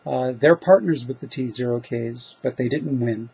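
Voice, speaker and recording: Speaking at a normal speed, a man who writes fiction responds to readers in a rambling, self-deprecating way, full of fillers as he works through his thoughts aloud. His voice is mid-range, mellow and creaky with a breathy edge. The recording quality is dull and lo-fi.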